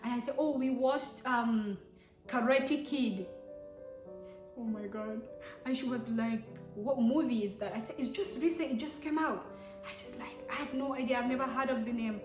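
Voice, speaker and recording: Nigerian accent young woman telling stories, kinda high voice, echoey room, faint piano music behind. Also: brisk. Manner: animated, exclaims often, acts out both sides of conversations. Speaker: vlogger. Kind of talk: casual storytelling to camera.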